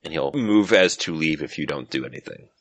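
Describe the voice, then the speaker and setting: A man narrating as game master of a tabletop role-playing game, relaxed and measured. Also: rumbling low, no room sound, low-quality recording.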